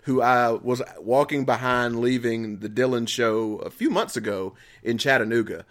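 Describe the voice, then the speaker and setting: A man's voice: mid-range voice, normal speed, a bit bright. A man, telling stories in a casual podcast chat, rambling, swearing freely and laughing often. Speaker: podcast co-host.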